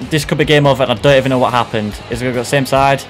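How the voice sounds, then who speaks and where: A young man commentating on his own football video game match, excitable and self-mocking, reacting loudly to each play. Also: mid-range voice, very fast, faint music behind. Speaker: gaming YouTuber. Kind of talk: live gameplay commentary.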